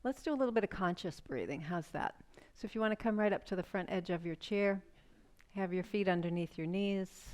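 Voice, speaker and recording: A woman leading a chair yoga breathing session, speaking in a calm, gentle way and posing soft questions for the listener to notice. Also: mid-range voice, moderate pace, clean tone. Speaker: yoga instructor.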